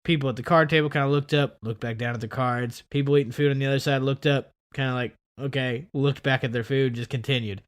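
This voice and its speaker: A man's voice: fast talker, hardly any pauses, smooth. A man co-hosting a podcast, telling a story in casual chat and acting out the people in it. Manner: animated, acts out quoted people with big pitch jumps. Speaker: podcast co-host.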